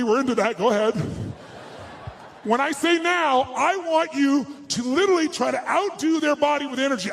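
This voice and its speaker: A man giving a high-energy motivational seminar to a live crowd in a large hall. He barks instructions, quizzes the audience and swears bluntly. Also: gravelly. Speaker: motivational speaker.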